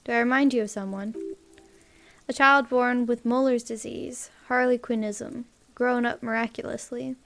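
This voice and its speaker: A woman's voice: on the high side, steady tone, moderate pace, gravelly, fairly bright tone. A young woman streaming a game, reading its text aloud and breaking off to react with squeals and laughter. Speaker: gameplay streamer.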